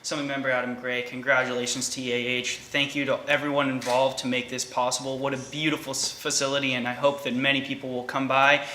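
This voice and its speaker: A man's voice: mid-range voice, little pitch movement, quick pace, hardly any pauses, sharp tone, slight background noise. A man speaking for a legislator's office, giving prepared congratulatory remarks. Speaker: legislator's aide. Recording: echoey public space.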